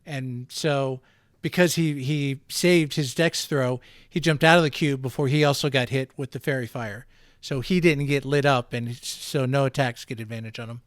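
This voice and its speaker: A man's voice: medium pitch, moderate pace, no room sound, clean studio sound. A man playing in an online tabletop game, patiently explaining the rules step by step. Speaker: player. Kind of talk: casual tabletop game chat.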